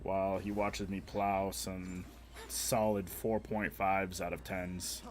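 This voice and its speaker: A young male streamer talks to his viewers while he plays. His voice sits a little low, and he rambles in a crude, joking way. A light noise runs under the recording. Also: flat delivery, takes it slowly. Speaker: live streamer. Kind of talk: casual gaming stream chat.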